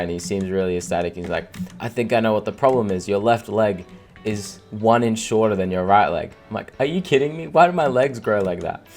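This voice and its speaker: A young man from Australia with a very low, deep voice chats loosely while he plays, tired and full of fillers. Faint game music sits quietly underneath him. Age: 20s. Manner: rambling, filler-heavy, laughs often. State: tired, no sleep. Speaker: gaming streamer. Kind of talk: casual gameplay commentary.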